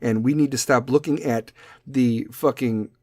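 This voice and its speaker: A man's voice: steady tone, a little slow, a little mellow, dry recording, studio quality. A middle-aged man hosting a podcast, ranting profanely about parenting and drifting off on tangents. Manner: profane, tangent-prone, mimics kids in high squeaky voices. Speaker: podcast host. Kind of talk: profane comedic rant.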